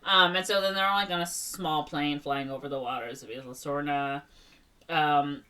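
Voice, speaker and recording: A woman with a lowish voice talks through a movie's plot in a loose, rambling way, full of "like" and "um". She sits a little back from the mic, so her voice sounds slightly distant. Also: fairly even intonation, normal speed, sharp tone. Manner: rambling, filler-heavy retelling with many "like" and "um". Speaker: podcast co-host. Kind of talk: casual movie recap.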